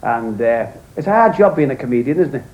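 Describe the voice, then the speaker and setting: A man's voice: medium pitch, lively intonation, a little fast. A man doing a stand-up routine on a club stage, telling jokes in a chatty way with asides to the audience. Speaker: stand-up comedian. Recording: dull old videotape with loud crowd and hiss.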